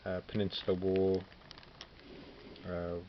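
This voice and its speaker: A man's voice: deep voice, completely flat delivery, takes it slowly. A man from Wales casually showing his miniature figures, thinking aloud with many fillers and self-corrections. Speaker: miniature wargaming hobbyist. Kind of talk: casual show-and-tell of a collection. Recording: slightly dull lo-fi recording with clear background noise.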